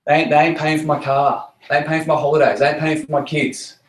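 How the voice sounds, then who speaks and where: A network marketing team leader, a man with a fairly high voice that stays flat in pitch, talks fast as he delivers a blunt motivational speech to his team in a meeting room. He swears freely, repeats himself to drive points home, and lands each one with punchy emphasis. The room gives the recording a noticeable echo.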